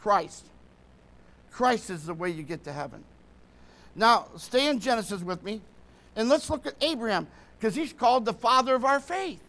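High-voiced, fervent male preacher. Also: lively intonation, normal speed, long pauses, pushed and bright. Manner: fervent, often asks the congregation to follow along. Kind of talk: sermon.

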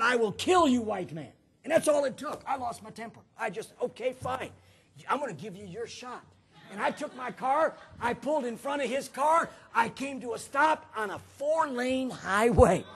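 A middle-aged male pastor preaching a sermon, telling a personal story with animated swings from shouting to hushed confession. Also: very high-pitched, creaky, breathy edge.

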